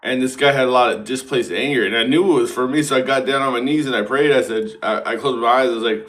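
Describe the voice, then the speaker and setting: A man's voice: mid-range voice, fast talker, few pauses, fairly bright tone. A man talking in a rambling, stream-of-consciousness monologue, casual and profane, full of fillers and restarts. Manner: casual, filler-heavy, self-interrupting.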